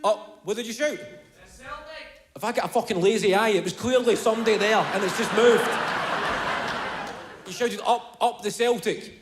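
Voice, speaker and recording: A Scottish man doing animated stand-up comedy, swearing freely and putting on the voices of family members. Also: high voice, normal speed, pauses often. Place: live comedy venue with audience. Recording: roomy live venue with crowd noise.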